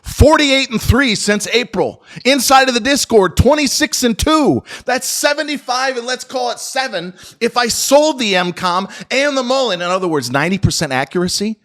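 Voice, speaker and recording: A middle-aged man with a fairly high voice rants about stocks to his viewers. He talks in a profane, combative way, punching some lines loudly and dropping others to a low mutter. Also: lively intonation, normal speed, few pauses. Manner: profane, combative, swings between loud jabs and low muttered asides. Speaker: stock market commentator. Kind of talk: ranting market commentary video.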